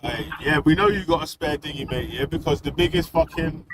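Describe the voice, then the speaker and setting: A man's voice: a little high, a little fast, crowd noise. A man with a Nottingham accent chatting casually while reacting to videos, laughing constantly and swearing in slangy banter. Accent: Nottingham English.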